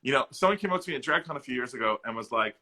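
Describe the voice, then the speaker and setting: A guest comedian talks in a casual, animated way, full of restarts and quick impressions of the people he describes. His voice is strikingly bright and sharp. He sits at a middling pitch for a man. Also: poor audio. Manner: animated, jokey, mimics the people in his stories; loose, with frequent fillers and restarts. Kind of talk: casual interview storytelling.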